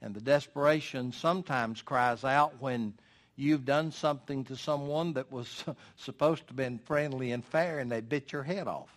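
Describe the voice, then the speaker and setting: A man's voice: mid-range voice, normal speed. A man preaching a sermon, reading scripture aloud and explaining it verse by verse with emphatic, rhetorical questions.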